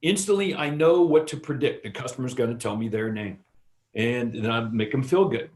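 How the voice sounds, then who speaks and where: A man's voice: medium pitch, moderate pace, darkish tone. A man co-presenting an online real estate seminar, teaching casually and acting out short shop dialogues. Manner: casual, storytelling, acts out little dialogues. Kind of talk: conversational teaching with role-play examples.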